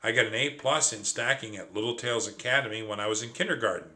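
Storybook: a man playing a squeaky, gushing young mouse, excitable, bright. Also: quick pace. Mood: eager. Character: cheerful eager young male mouse nephew.

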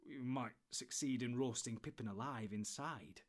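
A man voicing an earnest, anxious young male hobbit who speaks in a raised, lively way. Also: a little high, moderate pace, husky, pitched above the performer's own voice.

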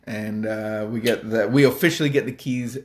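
A man's voice: lowish voice, fairly even intonation, moderate pace. A man co-hosting a morning live stream, talking in a rambling, jokey way and chuckling often. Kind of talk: casual morning chat.

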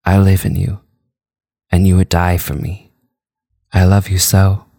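A man's voice: low-pitched, monotone, a little slow, dry recording, clean studio sound. A man reading as a languid young vampire countess. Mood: tender. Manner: languid, soft, sighing. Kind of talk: audiobook reading of a novel.

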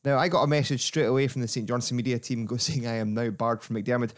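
A man hosting a casual football podcast, chatty and quick to laugh. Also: medium pitch. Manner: chatty, laughing, animated asides. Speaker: podcast host.

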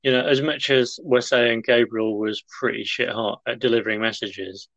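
A man's voice: medium pitch, steady tone, normal speed, vocal fry, a bit bright. A man co-hosting a podcast tells stories in a laid-back, joking manner. The sound is dull and lo-fi, and the room is dry with no echo. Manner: laid-back, jokey storytelling. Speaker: podcast co-host. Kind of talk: casual chat.

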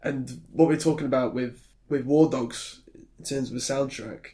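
A man's voice: mid-range voice, fairly even intonation, normal speed, mellow. Rambling man chatting about films. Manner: chatty, rambling, frequent restarts and ums. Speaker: podcast co-host. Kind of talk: casual film chat.

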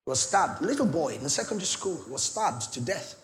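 A middle-aged Nigerian man preaching a sermon, swinging between loud declarations and soft pleading asides. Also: on the high side, sing-song, brisk. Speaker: pastor.

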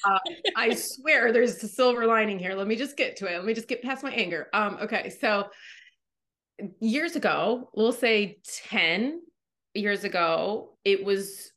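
A woman's voice: mid-range voice, measured pace, fairly bright tone. Frank, emotional woman podcast co-host. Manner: frank and emotional, quoting herself dramatically. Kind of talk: candid wellness podcast chat.

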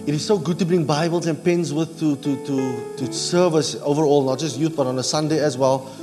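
Middle-aged male pastor, call-and-response sermon, slightly high voice, church hall echo. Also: steady tone, a little fast. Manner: call-and-response preaching, asks the congregation to finish verses. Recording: church hall reverb with music.

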